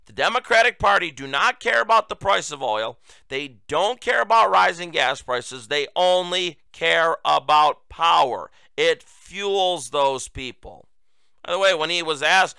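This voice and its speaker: A male talk-show host delivering political commentary in a mocking, combative tone. His voice is very bright and sharp, smooth and crisp, and sits dry and close with no room echo. He swings into near-shouting when he wants to hammer a point home. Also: fairly high pitch, animated, normal speed. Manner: raises voice to near-shouting for emphasis.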